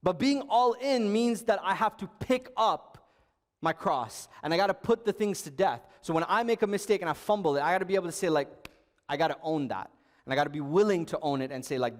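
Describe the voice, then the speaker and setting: A man's voice: high-pitched, lively intonation, fast. Man preaching in a reverberant hall. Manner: storytelling, conversational, with bursts of emphasis. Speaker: youth pastor. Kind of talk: sermon.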